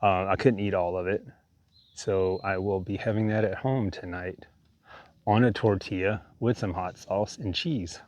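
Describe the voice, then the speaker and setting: Man, hiking vlogger, outdoor camera mic; low, unhurried, chatty gear demo. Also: no echo. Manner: relaxed, chatty, demonstrating gear. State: breathing hard. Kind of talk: casual outdoor vlog narration. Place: outdoors by a lake in the woods.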